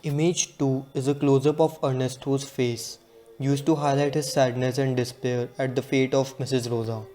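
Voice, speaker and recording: A young man giving a read-aloud class presentation in a steady, earnest way. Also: mid-range voice, normal speed, faint music behind. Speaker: student presenter.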